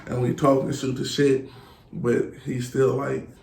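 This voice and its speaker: Gravelly guy on a podcast, blunt and cussing a lot, echoey room w a little hiss. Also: medium pitch, flat delivery, unhurried, a little mellow. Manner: blunt, profane storytelling, quoting others. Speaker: podcast guest. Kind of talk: casual podcast chat.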